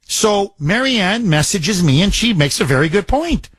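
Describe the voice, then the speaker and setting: A man's voice: high-pitched, big pitch swings, normal speed, hardly any pauses, a bit bright, slightly rough, no room sound. A man hosting a talk radio show, delivering a combative, mocking monologue.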